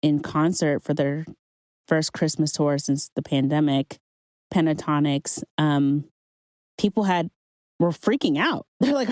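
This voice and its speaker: A woman's voice: low-pitched, a little slow, darkish tone, dry recording. A woman hosting her own podcast, telling a personal faith story in an earnest, conversational way and encouraging her listeners. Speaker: podcast host. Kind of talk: personal testimony monologue.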